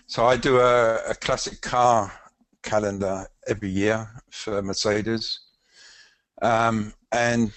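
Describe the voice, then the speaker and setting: Older London man, halting webinar talk. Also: fairly low pitch, a bit bright, no room sound. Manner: casual, halting, with frequent fillers. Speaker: professional photographer. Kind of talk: webinar demonstration.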